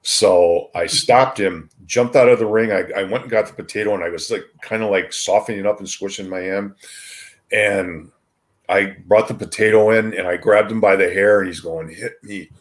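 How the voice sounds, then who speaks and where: Brief: older male guest with a very low voice, easygoing storyteller, lots of ums and false starts. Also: steady tone, normal speed. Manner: rambling with frequent ums and restarts. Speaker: retired wrestler, podcast guest. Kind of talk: casual anecdotal storytelling.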